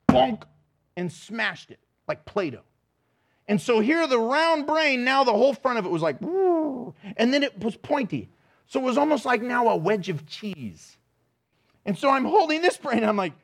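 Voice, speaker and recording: A man's voice: extremely high pitch, a bit bright. A middle-aged man preaching a sermon, telling stories animatedly with laughter and mimicked voices. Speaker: pastor.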